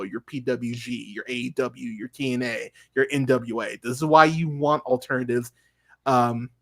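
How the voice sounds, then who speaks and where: Dude hosting a podcast, mid pitch, rants hard and swears. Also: male voice, fairly bright tone, no echo, studio quality. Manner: emphatic, ranting, swears. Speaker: podcast host. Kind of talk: casual podcast chat.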